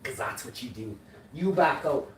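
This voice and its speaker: A man's voice: mid-range voice, lively intonation, normal speed. Man, vlogger, rambling and boastful, slangy, echoey room, distant mic, faint hiss. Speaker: vlogger, channel host. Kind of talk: casual rambling monologue.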